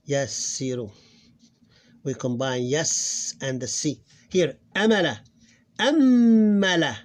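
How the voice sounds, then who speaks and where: A man's voice: mid-range voice, expressive, takes it slowly. A man teaching Arabic phonics in an informal lesson, thinking aloud, correcting himself and stretching out the example words he models.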